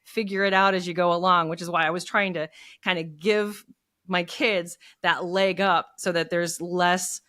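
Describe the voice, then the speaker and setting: Woman author guest, slightly low voice, explanatory. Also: steady tone, normal speed, bright, forceful tone. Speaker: podcast guest, children's book author. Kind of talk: casual conversational interview.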